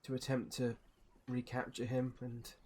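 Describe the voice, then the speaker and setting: A man voicing a measured, dignified crime boss in a tabletop game, speaking formally. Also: medium pitch, completely flat delivery, a little mellow, natural voice.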